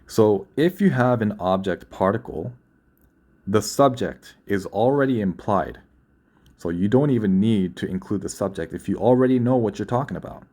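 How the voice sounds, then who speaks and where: A man's voice: on the low side, normal speed, a little mellow. A young man teaching a grammar lesson, explaining patiently and often repeating or correcting himself. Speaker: Korean language teacher.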